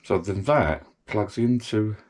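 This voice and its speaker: A man's voice: lowish voice, takes it slowly, a little mellow, a little hiss or hum. A middle-aged British man chatting casually while he unboxes a gadget, rambling and thinking aloud as he goes. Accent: British English.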